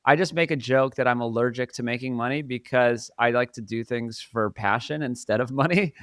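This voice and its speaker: A man's voice: mid-range voice, fairly quick, a bit bright, no echo. Earnest podcast co-host man, dry close sound. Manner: earnest, laughs easily. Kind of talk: casual podcast chat.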